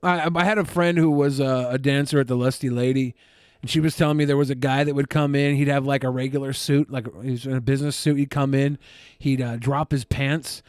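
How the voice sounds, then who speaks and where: A man telling crude stories in a deadpan way during a casual podcast chat. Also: mid-range voice, smooth, dry recording, clean studio sound. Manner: deadpan storytelling with crude humor. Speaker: podcast co-host.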